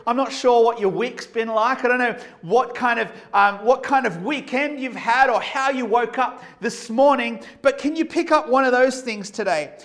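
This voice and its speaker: A pastor preaching a sermon to an online congregation in a conversational way, asking listeners direct questions. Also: male voice, extremely high pitch, normal speed, hardly any pauses, fairly bright tone.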